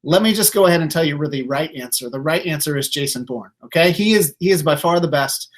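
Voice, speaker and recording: A man's voice: a little high, expressive, fast. A man preaching a casual, conversational sermon, with many fillers and restarts. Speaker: pastor.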